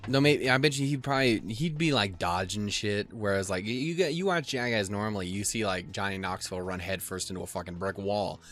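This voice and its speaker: A man's voice: on the low side, fairly quick, few pauses, a bit bright. A young man hosting a let's play, swearing and joking as he reads the game text aloud. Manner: crude, joking, swears a lot. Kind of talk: casual game commentary.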